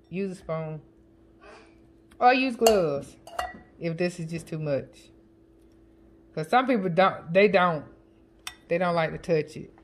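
A woman chatting casually as a home cooking vlogger, counting her seasoning shakes out loud and joking with family off camera. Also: lowish voice, animated, takes it slowly, pauses often. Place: home kitchen. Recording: kitchen clatter of dishes and utensils.

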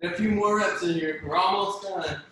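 A man runs an online workout, calling out moves and counting down sets with brisk encouragement. His voice sits a bit high. The video-call audio bounces around a very echoey room, with a faint hiss underneath. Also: steady tone, sharp tone. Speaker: fitness instructor. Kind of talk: coaching an online workout class.

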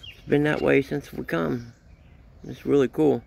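Gravelly man cooing at his puppy. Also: medium pitch, fairly even intonation, measured pace, darkish tone, a little hiss or hum. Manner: playful baby talk to a dog. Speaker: dog owner filming his puppy. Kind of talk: casual vlog narration. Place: outdoors in a backyard.

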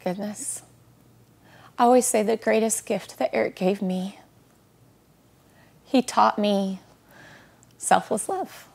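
Earnest woman, gravelly and husky. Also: medium pitch. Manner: heartfelt, slows and softens on key words. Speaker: guest, widow sharing her story. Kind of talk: emotional faith interview.

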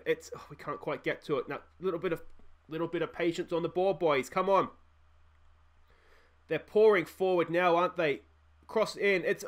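A young Australian man commentating his own football management game, talking to the players and yelling at the screen when it gets tense. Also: fairly high pitch. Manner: animated, yells at the screen. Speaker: gaming channel host. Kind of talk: excited let's-play commentary.

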